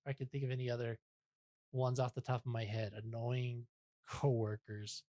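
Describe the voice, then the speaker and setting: A man's voice: medium pitch, little pitch movement, moderate pace, dark tone, dry recording, studio quality. A young man talking as a podcast guest in casual chat, rambling and self-deprecating, with many restarts.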